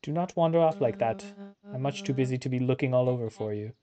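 A man's voice: medium pitch, fast, over music, natural voice. A man voicing a haughty, stern rich matriarch while reading game dialogue aloud, in a pompous, scolding manner.

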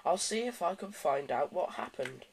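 A man's voice: on the high side, animated, moderate pace, gravelly, slight background noise, poor audio. A man voicing a cheerful, friendly little male tank engine in a storybook reading. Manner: bright and friendly.

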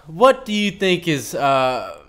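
A man's voice: fairly high pitch, big pitch swings, slow, fairly bright tone. A male host interviewing a guest in a casual, slangy way.

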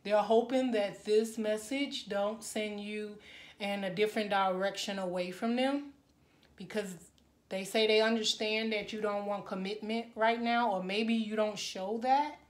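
A woman's voice: mid-range voice, fairly even intonation, a little slow, reverberant. A woman giving a casual tarot reading straight to her viewers, emotional and full of exclamations. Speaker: tarot reader.

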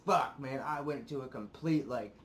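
Speaking at a normal speed with a medium-pitched voice, this young reaction vlogger rants casually to his viewers. He swears a lot and comes across as animated and worked up, and there's slight background noise.

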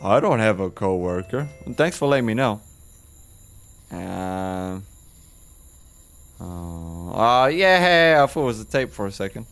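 A man's voice: lowish voice, expressive, slow pace, pauses often, a bit bright, faint music behind. A man playing a horror game on his channel, reading its text aloud and reacting with swearing and jokes. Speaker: gaming video host. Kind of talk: casual horror game commentary.

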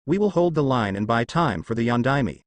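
A man voicing an old male village leader, calm and weary, in a fanfiction audiobook reading, measured and formal. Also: mid-range voice, no echo, close to an everyday voice. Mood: stern.

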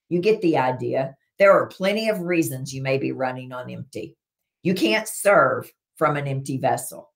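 A woman's voice: very deep voice, animated, normal speed, creaky. A middle-aged woman hosting a wellness live stream, talking earnestly and dropping her voice on key points. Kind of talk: live-stream chat, reading viewer comments.

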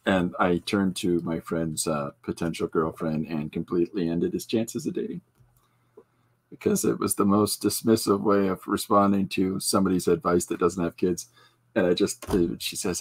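A man in his forties hosting a podcast, telling rambling, self-deprecating stories in casual chat, with halting restarts and frequent laughs. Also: deep voice, gravelly, a bit bright, husky. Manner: halting restarts with many fillers. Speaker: podcast host and artist.

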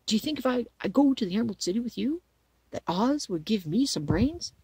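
A woman voicing a friendly straw-stuffed scarecrow man with a husky, eager voice. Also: a little high, very animated, a little fast, a little mellow, no echo, heavily acted. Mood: wondering.

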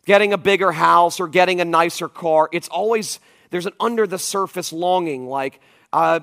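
A man in his forties preaching a conference sermon, telling stories in an animated, emphatic way with frequent asides to the audience. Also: fairly high pitch, normal speed, creaky. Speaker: pastor. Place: church auditorium.

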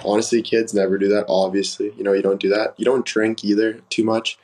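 A man's voice: lowish voice, flat delivery, fairly quick, darkish tone, a little hiss or hum, low-quality recording. A young man hosting a live stream, telling candid, rambling stories and answering viewer comments. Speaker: livestream host. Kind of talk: casual livestream chat.

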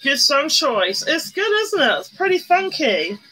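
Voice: high-pitched, big pitch swings, unhurried, sharp tone. A person chatting casually on a livestream while doing makeup, greeting viewers by name and humming along. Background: faint music.

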